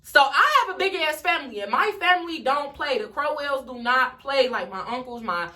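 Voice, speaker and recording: A woman's voice: sits high, moderate pace. A young woman from Detroit telling a story in a casual vlog, swearing freely and acting out everyone's lines. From Detroit, USA. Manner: animated, swears freely, acts out the dialogue. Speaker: vlogger.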